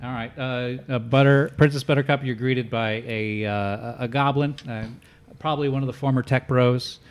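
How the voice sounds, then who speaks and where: Halting male game master. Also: medium pitch, steady tone, clear, resonant tone. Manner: halting, full of fillers and restarts. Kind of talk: improvised game narration.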